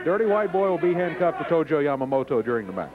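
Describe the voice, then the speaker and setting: A man doing excitable play-by-play commentary and interviewing a wrestler. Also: a little high, quick pace. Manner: excitable, animated. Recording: lo-fi early 90s TV audio with noise.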